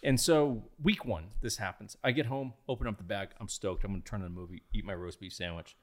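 A man's voice: lowish voice, a little fast. A man telling a self-mocking story in a casual podcast chat. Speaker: podcast guest, gun content creator.

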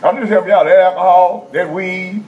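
A man's voice: sits high, fairly even intonation, brisk, soft background music. A male preacher, preaching a folksy, repetitive sermon in a prison chapel that builds to emphatic bursts. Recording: dull lo-fi recording, faint room ambience.

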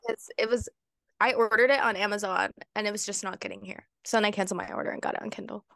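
A woman's voice: mid-range voice, steady tone, creaky, fairly bright tone, dry recording, studio quality. A young woman co-hosting a book club podcast, chatting casually and often chiming in to agree with the others. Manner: agreeable, quick to chime in with "yeah" and "mm-hmm". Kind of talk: casual chat.

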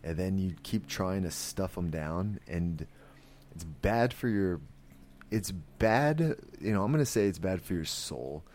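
A man with a low voice talks through his podcast in a casual, wandering way. He restarts his sentences often and fills the gaps with "like" and "you know". He sounds earnest and easily moved. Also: expressive, measured pace, a little mellow. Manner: rambling, with many fillers and restarts; earnest and emotional. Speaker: podcast host. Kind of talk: casual spoken commentary.

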